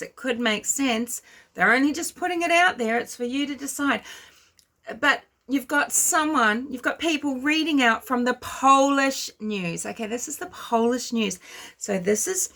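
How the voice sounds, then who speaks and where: A woman's voice: on the high side, vocal fry, fairly bright tone. A woman giving ranting commentary, scornful and lecturing her viewers. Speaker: commentary vlogger.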